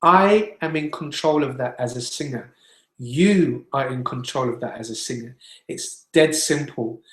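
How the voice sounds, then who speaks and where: Slow-talking man teaching singing. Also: mid-range voice, fairly bright tone, echoey room. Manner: demonstrates sounds with his voice; plain, direct explaining. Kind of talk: webinar teaching.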